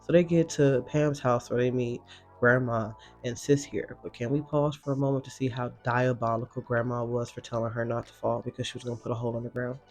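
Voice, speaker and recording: A man walking through a show recap in easygoing, slang-heavy talk, cursing without a second thought. His voice sits at an ordinary middle pitch. Soft music plays faintly underneath. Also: a little fast. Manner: slangy, expressive, swears freely. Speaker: reaction video host. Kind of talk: casual recap commentary.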